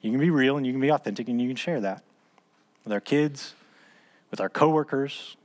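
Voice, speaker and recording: Speaking briskly at a medium pitch, a man in his thirties or forties runs a small church discipleship group. The teaching feels casual and conversational as he asks and answers his own questions, and he wraps up by praying.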